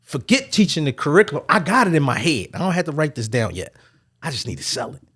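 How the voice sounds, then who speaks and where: A man's voice: fairly high pitch, quick pace, husky. A man from Philadelphia with a Philadelphia accent, a barber and entrepreneur telling his story as a guest in a casual interview. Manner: animated storyteller who acts out quoted voices.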